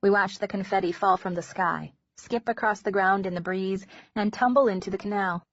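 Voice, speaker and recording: A woman narrates an audiobook in a measured, gentle storytelling manner. Her voice sits at a middle pitch. The recording is dry and close, with a slightly dull, lo-fi tone. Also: fairly even intonation, dry recording.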